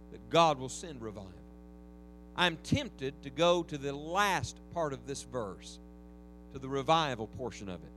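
A fairly high-voiced man preaching a revival sermon in a church. He builds to emphatic, exclaiming peaks and slips in light humorous asides between points. Soft instrument music plays faintly underneath. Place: church sanctuary.

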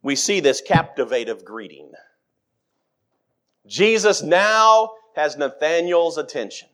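A middle-aged man delivers a sermon in a voice pitched well above most men's. His delivery leaps up and down, acting out scripture quotes with dramatic swings in pitch and loudness. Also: animated, takes it slowly. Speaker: preacher.

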